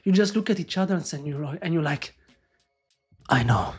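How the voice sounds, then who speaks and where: A woman day trader live-streaming her trades, talking excitably to viewers and swearing freely. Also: lowish voice, fast talker, breathy edge, faint music behind. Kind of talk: live-stream trading commentary.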